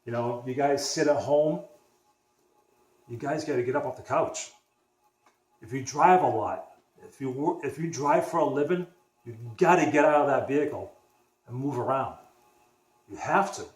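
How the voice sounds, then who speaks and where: Recording in an echoey room, a young Boston-area man from the USA shares a personal story on his vlog in a medium-pitched voice at a moderate pace, pausing often. His casual delivery wanders, with frequent restarts and acted-out dialogue from others.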